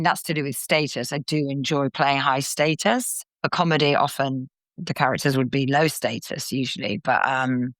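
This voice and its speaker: A woman comedian and actor chatting as a guest in an interview, lively and quick to slip into character voices. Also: very deep voice, no echo. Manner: animated, slips into character voices. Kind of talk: casual interview chat.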